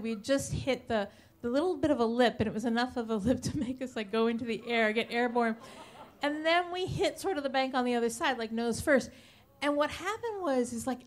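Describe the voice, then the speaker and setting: A woman telling a personal story on stage at a live show, chatty and self-mocking, acting out what others said. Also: high voice. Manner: chatty, self-mocking, full of restarts and quoted voices.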